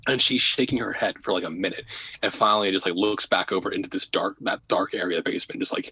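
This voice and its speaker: A man guest on a podcast telling a story in casual, animated talk, often laughing, repeating words and dropping to a hush at tense moments. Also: on the low side, fast talker, husky, dry recording, low-quality recording. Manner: drops to a hushed voice for tense moments. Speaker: podcast guest, paranormal investigator.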